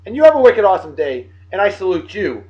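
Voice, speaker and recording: A man's voice: high voice, big pitch swings, fast talker, warm tone. Jokey New man hyping friends. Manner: boisterous, jokey, slangy hype. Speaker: host. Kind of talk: casual video show shout-outs. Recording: dull lo-fi sound with faint music.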